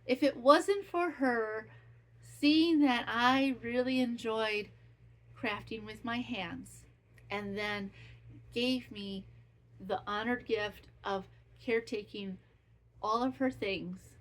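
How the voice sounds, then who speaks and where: A woman's voice: a little high, slow. A woman hosting a podcast who chats casually in a rambling, heartfelt way. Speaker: podcast host. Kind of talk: casual chat.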